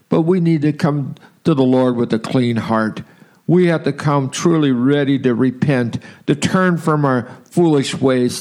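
A man from Southern California giving an earnest devotional sermon, slowing down to read scripture aloud. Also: on the high side, darkish tone. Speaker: preacher.

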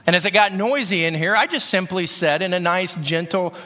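Bright-voiced pastor preaching in a hall. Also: male voice, high voice, lively intonation, fairly quick, few pauses. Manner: conversational, often repeating words. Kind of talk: sermon. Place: church sanctuary. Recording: long reverb of a church hall.

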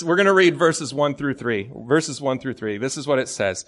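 A middle-aged man from Michigan with an American accent, preaching a sermon in an animated, jokey way that swings from soft asides to loud outbursts. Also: fairly high pitch, moderate pace, few pauses. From Michigan, United States. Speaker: guest preacher.

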